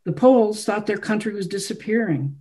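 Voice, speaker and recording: A woman's voice: mid-range voice, animated, mellow, pitched above the performer's own voice, natural voice. A woman reading an ailing, intense composer. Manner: slow, weighted speech.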